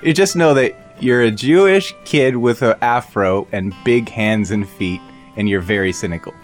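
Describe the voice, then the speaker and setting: A man's voice: fairly low pitch, moderate pace, faint music behind. A laid-back man playing in a tabletop game who narrates scenes with laughs. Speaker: player. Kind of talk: tabletop role-play.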